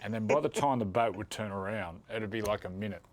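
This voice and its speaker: A man with an Australian accent, co-hosting a rugby league show and telling animated stories with laughter. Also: lowish voice, fairly quick, slight background noise. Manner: laughs through animated anecdotes. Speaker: co-host. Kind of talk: casual storytelling.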